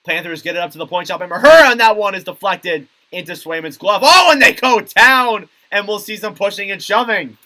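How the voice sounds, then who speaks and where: A young man doing amateur live hockey play-by-play. His voice sits high and sounds bright and forceful. He narrates each pass quickly and breaks into full-throated shouts when the big plays land. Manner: rapid play-by-play that erupts into shouting on goals.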